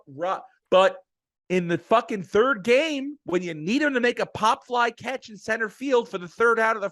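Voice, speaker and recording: In clean studio sound with no room echo, a high-pitched, fairly bright-toned middle-aged man goes off on a heated sports rant. He co-hosts the podcast and swears emphatically as he makes his points.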